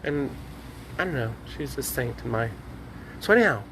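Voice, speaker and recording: A man ranting in a rambling, profane, preachy vlog monologue, talking excitedly to his phone camera. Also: mid-range voice, normal speed, slight background noise. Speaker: vlogger. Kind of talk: rambling selfie-video monologue. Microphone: phone on a tripod.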